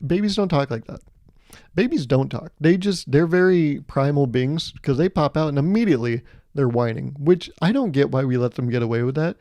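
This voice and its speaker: A man's voice: a little high, mellow, no room sound. A man hosting a podcast, rambling through a playful comedic monologue full of self-amused asides. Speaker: podcast host.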